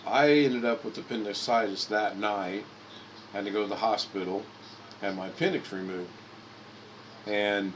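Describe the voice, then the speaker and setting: A man in his fifties from Indiana, talking through a relaxed livestream in a somewhat low voice. He rambles from one anecdote to the next, restarting phrases and correcting himself as he goes, with a faint air-conditioning hum in the room behind him. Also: low-quality recording. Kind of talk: casual storytelling monologue.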